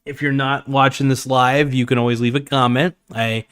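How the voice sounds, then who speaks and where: Man, live stream host, casual chat, enthusiastic, rambling, jokey, mid pitch. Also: fairly even intonation, normal speed, a bit bright, smooth.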